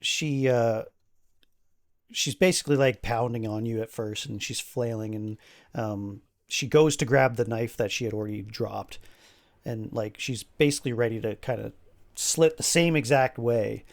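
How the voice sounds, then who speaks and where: Gravelly, halting game master. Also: male voice, mid-range voice, dry recording. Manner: casual, halting, many fillers, laughs often. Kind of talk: narrating a tabletop game.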